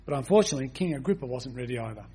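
A man's voice: medium pitch, lively intonation, very fast, mellow, breathy edge. A man preaching an expository sermon, reading scripture aloud and putting rhetorical questions to his listeners. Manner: reads scripture aloud at length.

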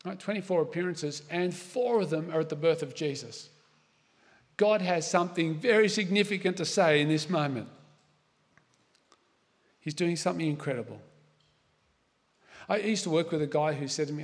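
High-voiced man preaching in a reverberant hall. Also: animated, normal speed, long pauses. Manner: conversational preaching with asides and rhetorical questions. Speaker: pastor. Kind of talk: sermon.

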